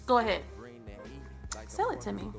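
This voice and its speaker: A young woman vlogger, telling a dramatic storytime in a casual, animated way. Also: on the high side, moderate pace, gravelly. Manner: animated, dramatic, acts out quotes. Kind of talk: storytime vlog. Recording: faint background music.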